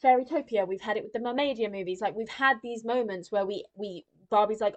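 A woman's voice: mid-range voice, fairly quick, lo-fi sound. A woman ranting in casual chat as a podcast co-host, swearing freely and acting out the characters she complains about. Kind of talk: casual film review chat.

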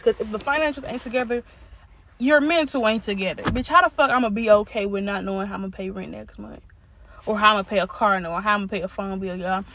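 A woman's voice: mid-range voice, muffled recording. A young woman hosting a solo podcast, venting in a blunt, profane, exasperated way, laughing now and then. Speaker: podcast host.

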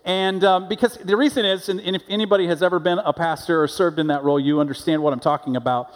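A man's voice: sits high, fast, long reverb tail. A man preaching a sermon as a pastor, telling stories in a conversational way and acting out the voices of the people in them. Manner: conversational storytelling with animated quoted voices. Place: church sanctuary.

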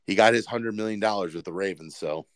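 A man's voice: on the low side, quick pace, dry recording. A man co-hosting a casual sports podcast, rambling with many fillers and restarts. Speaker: podcast co-host.

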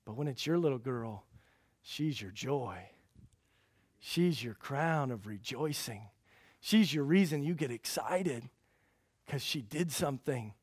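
A pastor delivers a sermon, posing rhetorical questions to his congregation and swinging from loud, emphatic peaks to quiet, low passages. He sounds animated yet slow, with long pauses and a breathy edge, in studio-quality audio with no room sound.

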